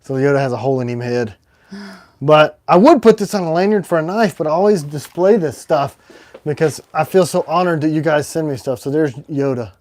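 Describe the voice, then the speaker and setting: A man hosting a casual livestream, rambling and excitable, with sudden swings between loud and quiet. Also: fairly high pitch, brisk, no echo. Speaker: knife maker hosting a livestream.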